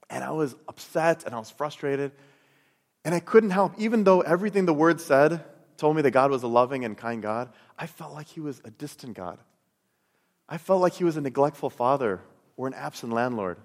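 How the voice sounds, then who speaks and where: A middle-aged man telling his personal faith testimony and teaching, earnest and storytelling, often repeating words as he goes. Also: medium pitch. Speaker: Christian speaker. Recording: long hall reverb.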